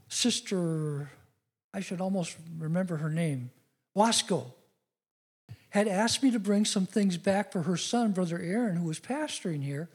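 A man's voice: sits high, darkish tone, slightly rough. A middle-aged man preaching a sermon, telling personal stories in an earnest way that rises to emphatic declarations.

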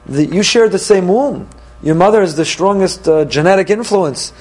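A man with a somewhat high voice teaches a Torah class. He reads each verse, then translates and explains it piece by piece, thinking aloud with pauses and restarts. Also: lively intonation, darkish tone.

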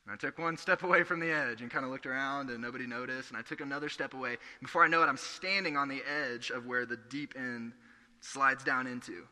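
Young male pastor, earnest storytelling sermon, bright tone, echoey church hall. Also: mid-range voice, brisk. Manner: earnest, conversational preaching with storytelling.

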